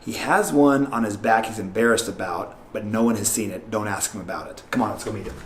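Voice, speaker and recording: A man's voice: lowish voice, brisk, slight background noise. A man hosting a comedic campus introduction video, narrating in a playful mock-serious way. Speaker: host.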